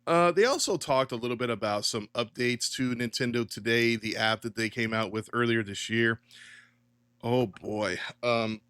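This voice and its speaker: A middle-aged man hosting a casual solo commentary podcast, ranting in an animated, exasperated way and swearing often. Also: medium pitch, moderate pace, hardly any pauses, smooth, dry recording. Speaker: podcast host.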